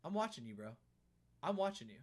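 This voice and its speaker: A man live-streaming a game in relaxed, chatty banter. His voice sits slightly high and climbs sharply when he pesters a character on screen, then settles back down into a laid-back, teasing tone. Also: fairly quick. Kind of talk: casual live-stream chat.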